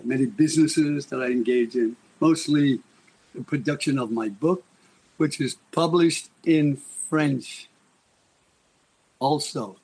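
A man's voice: mid-range voice, darkish tone, husky. A man being interviewed as a guest, telling a dramatic, rambling story.

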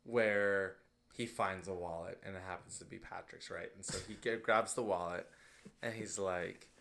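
A man's voice: deep voice, steady tone, normal speed, creaky, fairly bright tone. A man co-hosting a casual podcast, retelling cartoon scenes with a laugh and playful voices. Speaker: podcast co-host. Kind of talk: casual chat.

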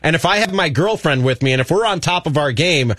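A man's voice: a little high, animated, brisk, a bit bright, dry recording. A man on a radio show sharing a story in a friendly, earnest, casual way.

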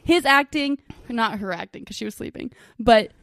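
A woman's voice: a little high, moderate pace, vocal fry, a bit bright, no room sound, clean studio sound. A young woman co-hosting a podcast, gushing in casual chat and acting out scenes, laughing often. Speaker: podcast co-host.

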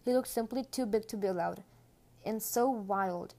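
A woman reading a children's storybook aloud in a gentle, hushed manner. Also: medium pitch, moderate pace, vocal fry. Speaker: audiobook reader. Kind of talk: storybook narration.

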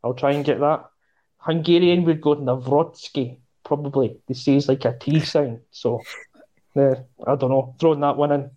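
Guy, relaxed rambling talker, mellow voice, dull lo-fi audio. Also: on the high side, normal speed. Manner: relaxed, rambling, laughs easily. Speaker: podcast guest. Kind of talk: casual football chat.

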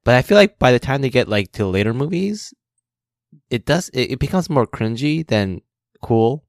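A man's voice: mid-range voice, very animated, moderate pace, no echo, clean studio sound. A man co-hosting a podcast in casual chat, rambling with many fillers and laughing often. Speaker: podcast co-host.

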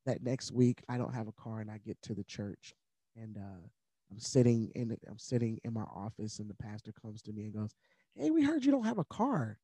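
Low, mellow man telling a story. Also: level tone, fairly quick, no echo. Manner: earnest, candid, at times emotional; conversational with fillers like uh and like. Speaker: podcast guest. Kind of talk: personal storytelling in conversation.

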